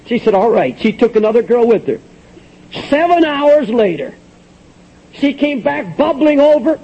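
A man preaching with a high, mellow voice, fervently retelling a story and acting out its dialogue. He swings from hushed, low passages to high, urgent ones. The recording sounds dull and lo-fi. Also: sing-song, normal speed. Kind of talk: sermon storytelling.

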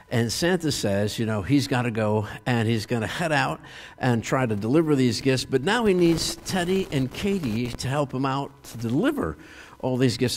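A man preaching a sermon, retelling a film as a story in an animated way, with many fillers and restarts. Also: medium pitch, in a large hall. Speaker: pastor.

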